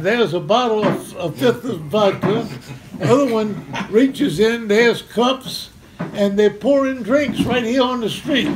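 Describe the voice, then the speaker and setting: A man's voice: high voice, background noise. An older man tells a personal story to a live audience, chuckling and acting out the scenes. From Memphis, Tennessee, US. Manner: animated, chuckling storyteller who acts out scenes. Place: community center talk in front of an audience.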